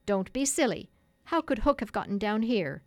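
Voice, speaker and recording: A bold, boastful boy hero as a woman reader puts him on. He comes out forceful and eager, a little louder than the narration, in a dry, close recording. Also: mid-range voice, sing-song, moderate pace, no room sound, natural voice. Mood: urgent.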